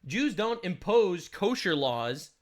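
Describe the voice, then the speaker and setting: Sitting high in pitch and very animated, an American man's voice takes things slowly as he streams. He reacts to a political video with loud sarcasm and emphatic interjections.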